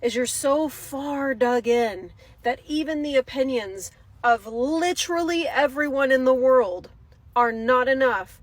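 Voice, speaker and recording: A woman from the United States speaks straight to her viewers in a casual reaction commentary. Her voice sits fairly high, and her tone is scornful and sarcastic as she lectures. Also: unhurried, no echo.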